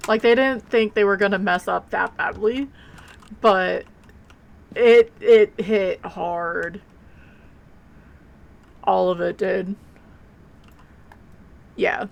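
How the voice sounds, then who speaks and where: A woman's voice: mid-range voice, very slow, creaky, long pauses. A woman streamer chatting casually while playing a game, rambling and blunt, with offhand swearing. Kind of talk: casual live game commentary.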